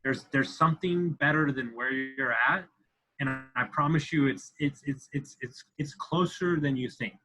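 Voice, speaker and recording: A man's voice: medium pitch, normal speed, sharp tone, faint music behind, rough recording. A man in his thirties talking as a podcast guest, intense and profane, repeating himself for emphasis. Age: 30s. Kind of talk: candid interview talk.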